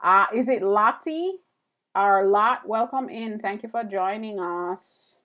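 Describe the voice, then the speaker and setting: A woman's voice: medium pitch, takes it slowly, a bit bright. A woman chatting casually with viewers on a live stream while she draws, thanking them by name and trailing off into fillers and restarts. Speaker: illustrator live-streaming a drawing session.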